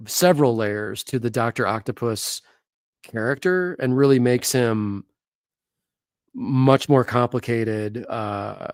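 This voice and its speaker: A gravelly-voiced man gushes about comic art in a loose, slangy way, swearing casually as he goes. His voice sits mid-range, and the room is dry and close. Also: medium pitch, darkish tone, no room sound. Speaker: comic artist host.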